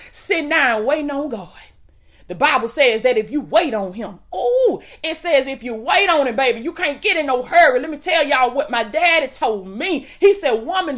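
A woman's voice: sits high, fairly bright tone. A woman preaching an impassioned video sermon in a folksy, rhythmic way, calling out "come on now" and "baby" and whooping between phrases.

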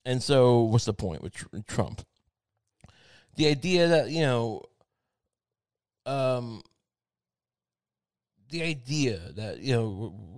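A man in a casual, profane, rambling rant, full of fillers and restarts, who bursts into loud mocking quoted outbursts. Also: mid-range voice, no echo, studio quality. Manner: acts out mocking quoted rants in a raised voice.

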